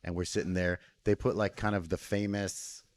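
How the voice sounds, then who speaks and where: A man hosting a casual podcast chat, telling a rambling anecdote full of quoted asides in a relaxed way. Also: low voice, moderate pace. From lives in Taiwan. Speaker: podcast host.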